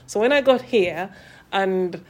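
A woman's voice: mid-range voice, takes it slowly. A woman from Uganda, a podcast guest talking reflectively and asking rhetorical questions. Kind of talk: casual podcast conversation. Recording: faint background noise.

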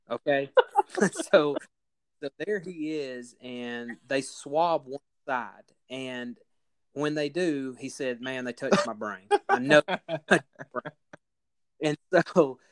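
A man telling a funny story on a casual podcast, laughing often and acting out loud quotes. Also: medium pitch, slow pace, long pauses, no room sound. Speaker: podcast host.

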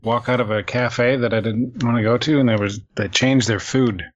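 A man's voice: medium pitch, steady tone, normal speed. A man in casual chat, telling a grumbling, wry story about his weekend. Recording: dull, lo-fi sound.

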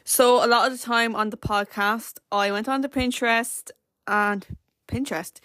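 A woman's voice: fairly high pitch, steady tone, normal speed, bright, forceful tone. A teenage Irish girl hosting her own podcast, rambling chattily with lots of fillers. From Ireland. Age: teens. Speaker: podcast host. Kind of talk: casual solo podcast chat.

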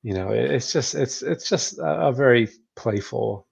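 A man co-hosting a casual book discussion podcast, chatty and relaxed, often tagging "right?" and laughing. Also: medium pitch, normal speed, creaky, slightly rough. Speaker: podcast co-host, therapist.

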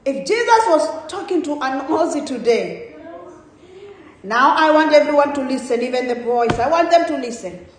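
A woman preaching a sermon in a church, asking rhetorical questions with emphatic rises and soft trailing endings. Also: sits high, expressive, moderate pace. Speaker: guest preacher. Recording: very echoey church hall.

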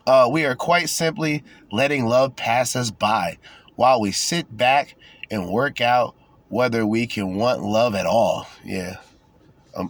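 Young adult male podcast host, sarcastic, profane ranting style, average pitch. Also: fairly bright tone. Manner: sarcastic, profane, mocking asides. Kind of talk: casual unscripted rant reading articles aloud.

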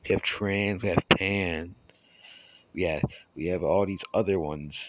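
A man with a very low, deep voice talks to his channel's viewers in a loose, rambling monologue, stopping and restarting his sentences often. The sound is dry and close, with no room echo. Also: fairly even intonation, fairly bright tone. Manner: rambling, halting with many restarts. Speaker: YouTuber. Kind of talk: casual monologue.

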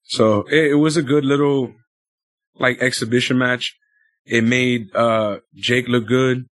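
A man's voice: medium pitch, fairly even intonation, a little slow, fairly bright tone, no room sound, studio quality. A man co-hosting a casual wrestling chat, loose and profane, rambling with filler words. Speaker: podcast co-host.

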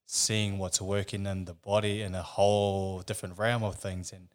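A man's voice: low voice, flat delivery, moderate pace. A man who is a bodybuilder, talking reflectively in casual podcast chat with many "you know"s. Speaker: guest, bodybuilder.

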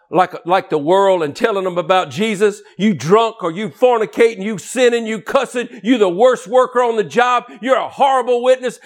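A high-pitched man preaches a sermon, folksy and colloquial, full of jokes. He drops into quiet low asides and then climbs into loud, shouting emphasis. His tone stays down-home and conversational throughout. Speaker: pastor.

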